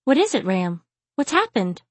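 A woman's voice: mid-range voice, big pitch swings, normal speed, slightly rough, dry recording. A woman reading the part of a troubled young woman haunted by visions, speaking with urgency. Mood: urgent. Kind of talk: audiobook character reading.

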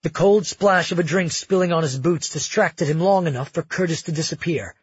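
A man narrating a fantasy audiobook in a steady, measured way. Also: fairly high pitch, slightly rough, no room sound, highs cut off.

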